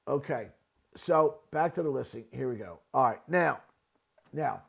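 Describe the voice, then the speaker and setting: A man's voice: medium pitch, expressive, unhurried, gravelly. A man who builds houses, giving blunt casual commentary on a listing and asking "right?" again and again. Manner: blunt, repetitive, asks "right?" often. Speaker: real estate builder reviewing a listing. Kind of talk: casual screen-share commentary.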